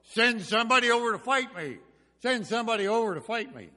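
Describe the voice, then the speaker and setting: A towering, boastful giant warrior voiced by a preacher hollers his dares across the field. The voice lifts high and rises and falls widely. A long reverb hangs in the hall around him. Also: wildly swooping pitch, fast talker, fairly bright tone, full character voice. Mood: taunting. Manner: hollering challenges.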